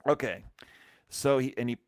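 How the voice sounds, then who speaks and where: A man hosting a live stream, telling a rambling, animated anecdote full of restarts and acted-out quotes. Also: medium pitch, measured pace, clear, resonant tone, no room sound, studio quality. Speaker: brewery company host. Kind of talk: casual storytelling on a live stream.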